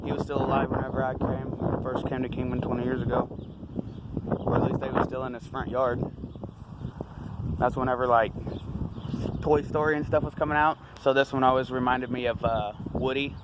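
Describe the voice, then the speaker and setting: A man's voice: mid-range voice, little pitch movement, moderate pace, long pauses. A man vlogging casually outdoors, joking in slang as he walks among statues. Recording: noisy outdoor recording.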